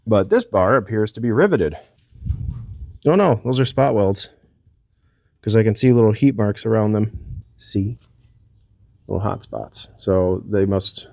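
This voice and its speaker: A man's voice: fairly low pitch, a little mellow, no echo. A middle-aged man casually narrating a chainsaw repair in his workshop, rambling and joking at his own expense with frequent chuckles. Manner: rambling, self-deprecating, chuckles often. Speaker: channel host repairing a chainsaw.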